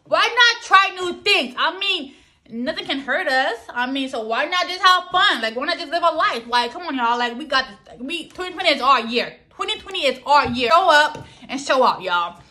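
A young woman vlogging about her New Year goals in a chatty, animated way, full of slang and asides to her viewers. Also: high voice, normal speed. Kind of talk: casual chat to camera.

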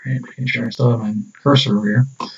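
A man's voice: medium pitch, steady tone, rapid-fire, creaky, slightly rough. A man reading his own short story aloud, stopping now and then to discuss editor's notes. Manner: reads steadily, breaks off to discuss edits. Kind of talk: live read-aloud and editing session. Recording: dull distant lo-fi recording.

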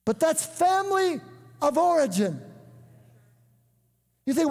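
An older man preaching a sermon, emphatic, breaking into shouts and calling on the congregation to answer. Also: very high voice, lively intonation, unhurried. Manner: emphatic, bursts into shouts and calls for response. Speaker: guest preacher. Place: church sanctuary. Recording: echoey church hall.

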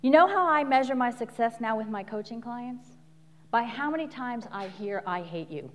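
A middle-aged woman coach giving an animated live talk full of stories, laughing often and acting out quotes. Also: a little high, moderate pace, in a large hall. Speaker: speaker and coach. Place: large venue before an audience.

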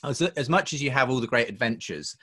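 Relaxed man chatting in church. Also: mid-range voice, fairly quick, breathy edge. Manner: relaxed, thinks aloud with small restarts. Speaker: church leader. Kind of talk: casual chat. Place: church service.

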